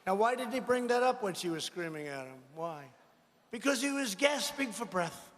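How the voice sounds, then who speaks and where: A man's voice: high voice, very animated, normal speed, fairly bright tone. A man in his seventies giving a rally speech, combative and mocking, with rambling asides. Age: 70s. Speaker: politician addressing a rally. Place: large arena. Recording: echoey arena with long reverb.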